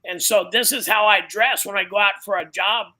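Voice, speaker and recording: A man's voice: sits high, normal speed, bright, forceful tone, poor audio. A man, a biker pastor and podcast guest, giving a casual testimony in a loose, preachy way, dropping "man" and "you know" throughout.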